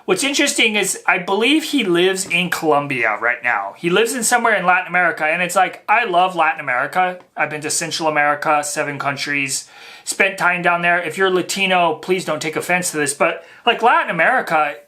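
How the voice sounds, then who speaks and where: A man's voice: high voice, lively intonation, fairly quick, sharp tone. A man hosting a reaction video, talking in a rambling, mocking way full of fillers. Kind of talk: casual commentary.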